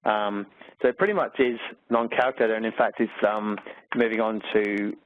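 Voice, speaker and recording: Over a thin, phone-style webinar feed with no reverb, an Australian maths teacher works through exam questions conversationally, positive about the material and heavy on fillers. His voice sits on the low side, with fairly even intonation at a normal speed.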